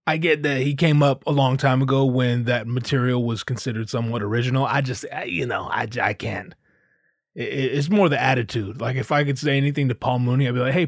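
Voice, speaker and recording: A man's voice: mid-range voice, dry recording, studio quality. A man hosting a podcast, riffing sarcastically and profanely in a casual comedic monologue. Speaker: podcast host.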